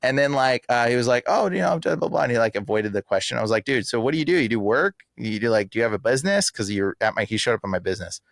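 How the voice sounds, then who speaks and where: A man's voice: mid-range voice, quick pace, vocal fry, hardly any pauses, dry recording. Emphatic slangy man, dry close sound. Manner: animated, emphatic, slangy with frequent "bro" and "like". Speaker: exorcist guest. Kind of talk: casual podcast interview.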